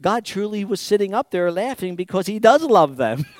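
A man's voice: sits high, very animated, normal speed, no echo, clean studio sound. A middle-aged man preaching a sermon, acting out quotes with big swings in volume. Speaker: pastor.

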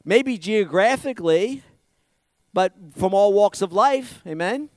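A man with a notably high voice preaches in an easy, conversational way. He repeats phrases, asks the congregation questions and drops to a near murmur before rising again. The sound is close and dry, with no room around it. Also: expressive, slow, no echo. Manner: repetitive, rhetorical questions, swings from loud to hushed. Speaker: pastor. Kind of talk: conversational sermon.

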